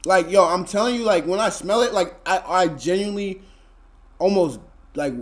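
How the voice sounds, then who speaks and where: A man's voice: high-pitched, animated, normal speed. A young man, telling a story to his live chat in a laid-back, slangy, rambling way full of fillers. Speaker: streamer.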